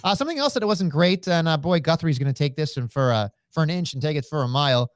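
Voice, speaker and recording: Excitable podcast cohost chatting wrestling, lively voice, dry room, lotta fillers. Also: medium pitch, fast talker, clear, resonant tone, no echo. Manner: animated and excitable, lots of fillers. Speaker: podcast co-host. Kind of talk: casual wrestling chat.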